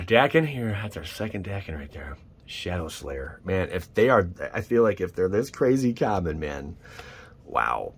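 A man hosting his channel, chatting casually and excitedly to viewers as he opens trading card packs. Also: sits low, measured pace, a little hiss or hum. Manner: excitable, rambling, talks to viewers. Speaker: channel host. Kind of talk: casual card-opening commentary.

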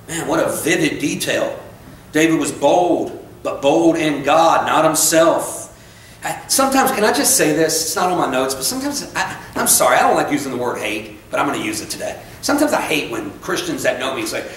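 A man's voice: fairly high pitch, big pitch swings, normal speed, fairly bright tone, recorded from a distance, a little hiss or hum. A man preaching a sermon as pastor, emphatic and repetitive, breaking into casual asides and stories about himself. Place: church sanctuary. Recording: echoey church recorded from afar.

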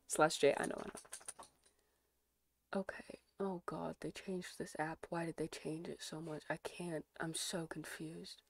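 A young woman from the United States chatting casually on a stream, swearing freely and reacting out loud as she browses. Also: low voice, flat delivery, measured pace, creaky, dry recording, studio quality.

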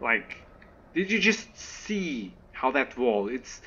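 Excited guy doing let's play commentary, bright punchy voice, keeps talking to the viewers. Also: medium pitch, slow, highs cut off, slight background noise. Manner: excitable, animated, talks to viewers. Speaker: gaming video host.

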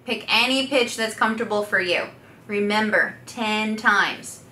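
A woman's voice: medium pitch, measured pace. A woman, a voice therapist, coaching listeners through voice exercises and demonstrating each one aloud. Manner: coaching, demonstrating loud sustained vowels. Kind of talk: instructional voice exercise demo. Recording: echoey room, faint background noise.

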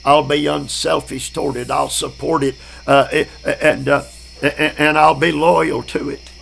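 Slow, gravelly preacher man. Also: on the high side, flat delivery, a bit bright, slight background noise, low-quality recording. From Southern United States. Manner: slow, emphatic, repeats key words. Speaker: preacher teaching a Bible class. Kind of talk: Bible study sermon.

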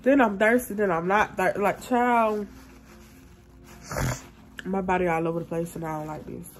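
A woman's voice: medium pitch, normal speed. A woman, sick and coughing, complaining in a casual, drawling vlog to camera. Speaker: vlogger.

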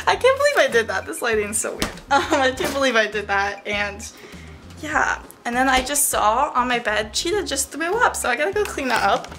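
A young woman chatting rambly and bubbly in a home vlog, out of breath after rushing back from class. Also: a little high. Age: young adult. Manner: bubbly and rambling, lots of fillers and laughs. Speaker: vlogger. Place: her bedroom at home.

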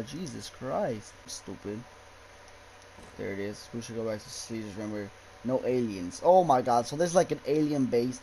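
A man's voice: lowish voice, vocal fry, warm tone, a little hiss or hum, low-quality recording. A young man giving frightened, swearing commentary while playing a horror game, yelping at scares and muttering nervously to himself. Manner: jumpy, swearing, yelps and exclaims. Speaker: gaming YouTuber.

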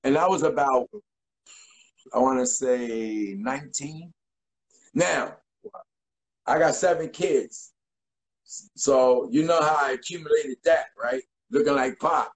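A man in his forties, a guest in a casual interview, telling stories in an animated way and acting out quotes. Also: mid-range voice, takes it slowly, long pauses, low-quality recording. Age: 40s. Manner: animated, acts out voices and quotes.

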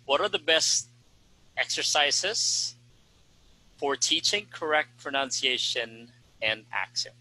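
Man, non-native english speaker, very bright voice, measured teacherly explanations, casual panel talk. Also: mid-range voice, animated, dry recording, poor audio. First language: Tagalog. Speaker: host and ESL teacher.

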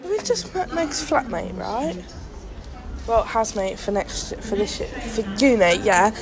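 A woman's voice: on the high side, big pitch swings, measured pace. A young woman with an English accent, vlogging casually and chatting in a giggly, storytelling way. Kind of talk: casual vlog chat. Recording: crowd noise around her.

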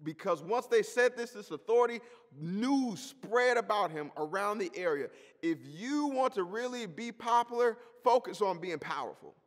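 High-voiced man preaching in a reverberant hall. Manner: emphatic preaching with repeated phrases. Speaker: pastor. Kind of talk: sermon.

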